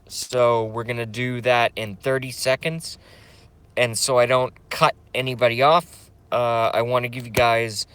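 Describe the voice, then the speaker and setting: A man with a medium-pitched, fairly bright, clean voice hosts a casual livestream. He rambles, swears, and gets emotional while reading viewer comments aloud from the chat.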